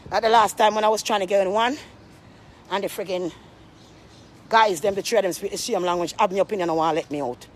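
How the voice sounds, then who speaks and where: A woman's voice: medium pitch, fast, pauses often, slight background noise. A woman, a vlogger telling a rambling story to camera with emphatic, repetitive, preachy asides.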